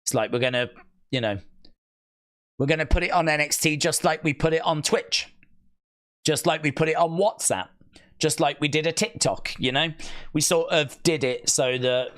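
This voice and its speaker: A man's voice: on the high side, moderate pace, long pauses, a bit bright. A man hosting a live wrestling watch-along, rambling and musing aloud as he reads viewer comments. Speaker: wrestling stream host.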